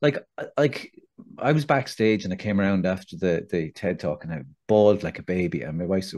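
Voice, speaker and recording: A man's voice: medium pitch, very animated, fairly quick, a little mellow. A middle-aged Irish man hosting a podcast, chatting casually with self-deprecating humour and lots of restarts. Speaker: podcast host. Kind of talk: casual interview chat.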